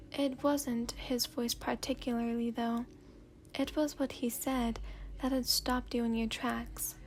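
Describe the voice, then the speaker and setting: A woman reading second-person fanfiction in a slow, hushed, sleepy storytelling voice, at times dropping to a whisper. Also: high voice, a little hiss or hum. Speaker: fanfiction reader.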